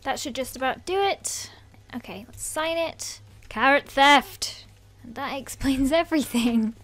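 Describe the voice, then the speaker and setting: Woman gamer, young, high bright voice, chatty and playful, excitable gasps, let's play host. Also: a little slow. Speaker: gaming channel host.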